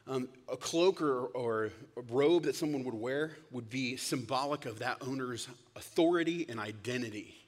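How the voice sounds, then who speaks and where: Man, pastor, casual sermon, husky, long reverb. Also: medium pitch. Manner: lively, casual, plays out quoted lines. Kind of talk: conversational sermon.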